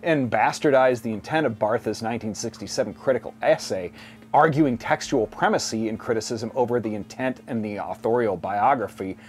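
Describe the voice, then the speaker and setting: A man's voice: medium pitch, brisk, a little mellow. A man hosting a scripted commentary video essay, with a sardonic delivery and mocking asides.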